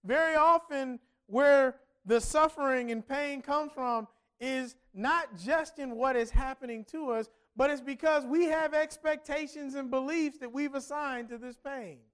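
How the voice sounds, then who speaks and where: Middle-aged male pastor with a very high voice, delivering a storytelling sermon with emphatic dynamics. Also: fairly even intonation, moderate pace. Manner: storytelling, emphatic swings between loud and soft.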